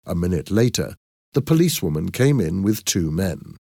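Husky, expressive male narrator. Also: deep voice, moderate pace, dry recording, clean studio sound. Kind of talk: audiobook reading.

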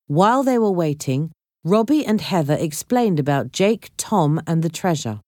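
Woman narrator, low-set voice with lively pitch, dry close studio sound, storybook reading. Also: normal speed, no echo. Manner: reads all characters herself, lifting pitch for quoted lines. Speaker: audiobook narrator.

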